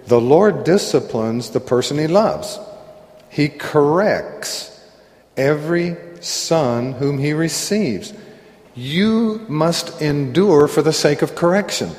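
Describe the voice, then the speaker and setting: A man preaching a sermon as pastor, talking conversationally with asides and frequent throat clearing. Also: mid-range voice, animated, unhurried, darkish tone, big-room sound.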